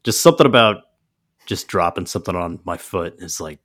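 A man's voice: sits low, expressive, brisk, a bit bright. A man co-hosting a podcast, chatting casually and chuckling often between remarks. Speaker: podcast co-host. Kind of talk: casual chat.

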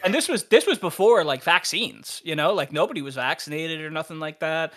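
Young male podcast co-host, bright raised voice, animated profane storyteller. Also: fairly high pitch, a little fast. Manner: animated, swearing, laughs while telling stories.

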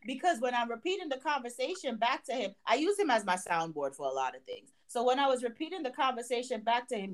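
A young woman from Jamaica chatting as a podcast co-host, her pitch leaping high and low as she acts out both sides of a quarrel. Her voice sits a little above the usual and stays lively throughout. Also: fast, hardly any pauses. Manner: animated storyteller acting out both sides of a quarrel. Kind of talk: casual chat.

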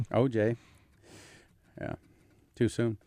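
A man's voice: mid-range voice, steady tone, very slow. A man co-hosting a sports radio show, trading casual, reflective banter.

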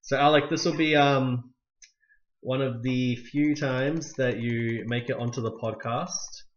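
A man's voice: medium pitch, fairly even intonation, a little slow. A man hosting a casual podcast chat, laughing often and restarting his sentences. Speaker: podcast host. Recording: dull lo-fi recording.

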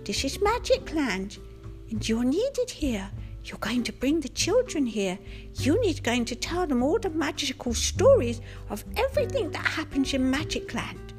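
A woman voicing a wise, kindly old grandfather tree in a children's story, speaking calmly. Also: high-pitched, moderate pace, faint music behind. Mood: welcoming.

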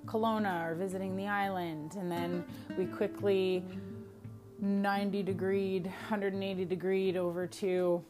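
A woman's voice: mid-range voice, level tone, a little slow. A young Canadian woman hosting a solo audio diary podcast, chatty and blunt, often mocking herself. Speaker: podcast host. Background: music.

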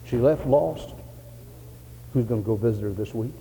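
A man's voice: mid-range voice, normal speed, gravelly, long pauses. Fervent preacher man in a reverberant hall. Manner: fervent preaching with sudden loud cries and soft pleas; old-fashioned revival cadence. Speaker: pastor. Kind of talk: sermon. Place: church sanctuary.

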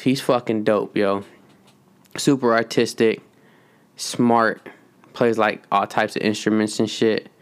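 A man's voice: on the low side, fairly even intonation, slow, long pauses, clear, resonant tone. A man chatting loosely and profanely about movies in slangy, rambling talk. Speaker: solo vlogger. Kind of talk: casual movie chat.

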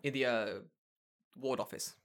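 A man's voice: medium pitch, a little slow. Swearing, storytelling man, casual chat. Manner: swearing, animated storytelling with mocking put-on voices.

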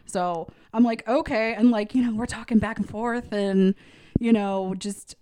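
A woman co-hosting a comedy podcast in loose, casual chat. She rambles easily through her thoughts, padding them with fillers, her voice sitting at an ordinary middle pitch. The sound is close and dry, with no room around it. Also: fairly even intonation, measured pace, warm tone, clean tone, no room sound. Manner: rambling, filler-heavy, easygoing. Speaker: podcast co-host.

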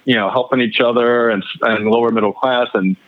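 A man from New York calls in as a guest and tells his stories with stumbling restarts and plenty of swearing. His voice is dry and close, pitched in the middle. The line sounds thin and tinny, like a phone call. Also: steady tone, brisk, dry recording. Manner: stammering, repeats words, swears. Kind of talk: casual storytelling.

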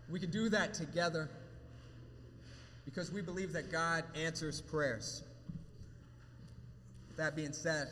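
High-pitched guy preaching a heartfelt sermon, long echo, faint room hum behind. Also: fairly even intonation, slow, long pauses. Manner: emotional, preaching with rising intensity then a quiet prayer. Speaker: pastor. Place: church hall with long reverb. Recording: reverberant hall, faint room ambience.

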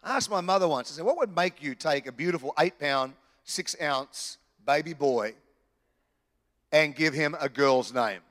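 A man preaching a sermon in church, animated and joking with the congregation. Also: fairly high pitch, moderate pace, in a large hall. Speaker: pastor. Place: church hall.

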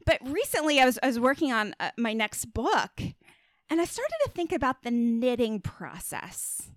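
A woman's voice: a little high, very animated, normal speed, no echo. A middle-aged woman, a guest author and body image coach, talking in a casual podcast interview in a chatty, earnest way, full of fillers and tag questions.

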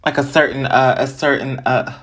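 A woman hosting a casual podcast conversation, expressive and playful, acting out the voices of people she describes. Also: extremely low pitch, normal speed. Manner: expressive, playful asides, acts out quoted people. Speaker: podcast host.

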